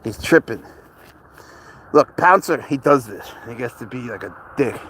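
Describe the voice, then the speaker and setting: A man's voice: mid-range voice, animated, a little slow, fairly bright tone, a little hiss or hum. A man walking his cat outdoors, chatting casually to the camera and talking to the cat like a buddy. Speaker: pet vlogger. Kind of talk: casual vlog talk to camera and pet. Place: outdoors, walking near a cemetery.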